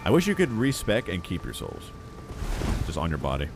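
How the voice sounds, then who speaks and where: A male streamer with a low voice that jumps around a lot as he jokes his way through a game. He rambles and mutters to himself between quips. Faint game music plays behind him. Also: huge pitch swings, brisk, vocal fry. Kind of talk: casual gameplay commentary.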